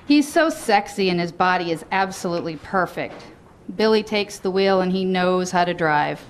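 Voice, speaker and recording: A woman's voice: fairly low pitch, animated, normal speed, a little hiss or hum. A woman reading her own memoir aloud to a live audience in a bookstore, often breaking into laughter between lines. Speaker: guest reader at a book reading.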